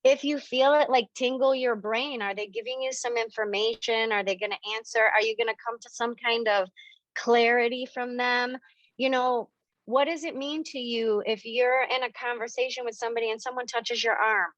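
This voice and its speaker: Bright-voiced woman medium on a video call. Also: a little high, fairly even intonation, normal speed, no room sound. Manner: chatty, acts out quoted dialogue, talks to animals and spirits. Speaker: spiritual medium hosting a member Q&A. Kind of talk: casual, animated explaining. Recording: dull, lo-fi video-call audio.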